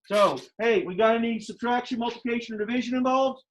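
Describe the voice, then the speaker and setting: A man's voice: extremely high pitch, fast, fairly bright tone, slight background noise. A man teaching a math class in a lecture style, emphatic, repeating his questions to the students, a little out of breath behind a face mask. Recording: dull lo-fi classroom audio.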